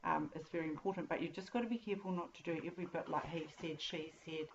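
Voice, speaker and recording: Low-voiced New woman teaching writing. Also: fast, gravelly, highs cut off, a little hiss or hum. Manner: plain, direct, instructive. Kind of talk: explaining writing advice to students.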